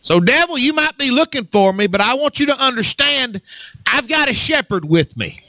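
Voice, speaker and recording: Fervent high-voiced preacher man. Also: big pitch swings, moderate pace, no echo. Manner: fervent, rises to shouts, call and response. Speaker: pastor. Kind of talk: sermon.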